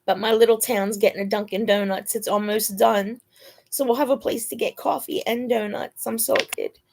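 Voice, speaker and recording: A woman's voice: medium pitch, fairly even intonation, moderate pace, a little mellow. A woman hosting a casual live chat, chatting to viewers and cooing to her dog between laughs. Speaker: live stream host.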